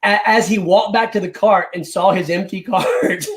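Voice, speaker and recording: A man chatting as a guest, telling a story in an animated, excitable way. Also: high voice, normal speed. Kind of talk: casual chat.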